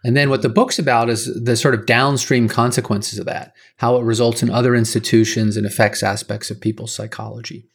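A man's voice: medium pitch, level tone, fairly quick, hardly any pauses, slightly rough. A man speaking as a podcast guest, his voice sitting in a middle register. He explains patiently and at length, stacking one point onto the next the way a lecturer would. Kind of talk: casual interview talk.

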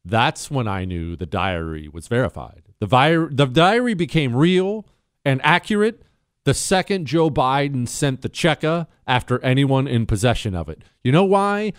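A man hosting a talk radio show, wisecracking and taking callers with a lively, emphatic delivery. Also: clear, resonant tone. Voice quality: animated, wisecracking, swings pitch up for emphasis.

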